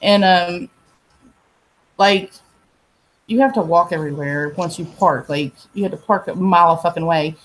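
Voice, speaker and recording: A woman's voice: on the low side, moderate pace, long pauses. A woman, telling stories in a casual, profane chat and laughing often. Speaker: host.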